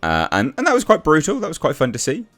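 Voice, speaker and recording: A man's voice: on the high side, huge pitch swings, quick pace, fairly bright tone, soft background music. A man giving a blunt, exasperated casual review rant, with frequent restarts and swearing.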